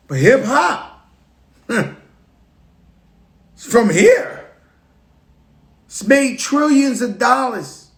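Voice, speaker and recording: Emphatic New York man, high and unhurried. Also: echoey room. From the Bronx, New York. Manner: emphatic, animated storytelling with call-outs to viewers. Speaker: rapper speaking on a live stream. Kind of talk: casual motivational monologue.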